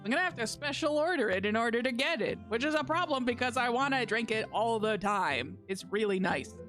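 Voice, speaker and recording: A playful woman streamer reading a dating game live and riffing on it, her voice sitting a bit high and swinging widely in pitch. She talks close to a desk mic. Soft game music runs underneath. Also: lively intonation, brisk. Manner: goofy, playful, self-mocking.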